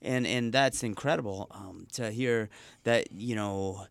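A man's voice: lowish voice, a little slow, gravelly, no room sound. A man from Michigan hosting a podcast, talking in an earnest, reflective, self-deprecating way in casual interview chat. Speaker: podcast host.

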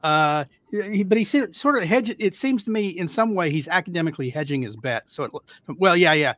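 A man's voice: high-pitched, expressive, a little fast, fairly bright tone. A man co-hosting a talk show, hesitant and thinking aloud, with many restarts. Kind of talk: casual discussion.

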